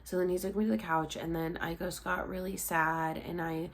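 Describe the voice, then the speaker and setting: A woman's voice: on the low side, fairly even intonation, measured pace, a little hiss or hum. A woman in her thirties casually telling a personal story, rambling with many fillers and sighs, sounding tired.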